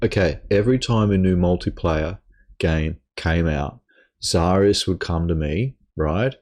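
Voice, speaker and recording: A man's voice: low voice, measured pace, a little mellow. A young man hosting a gaming channel, delivering an angry personal rant full of swearing, stammered restarts and repeated words.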